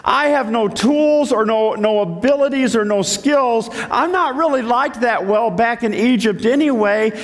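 A man's voice: extremely high pitch, measured pace, hardly any pauses, in a large hall, voice pushed up. A man preaching, voicing Moses as a nervous, reluctant shepherd who protests in a raised, anxious voice. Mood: protesting.

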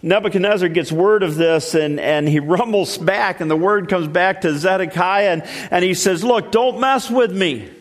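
Man preaching in a reverberant hall. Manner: emphatic preaching with many repeated starts, dropping low and slow for weight. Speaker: pastor. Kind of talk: sermon. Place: church sanctuary. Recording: long reverb of a large hall.

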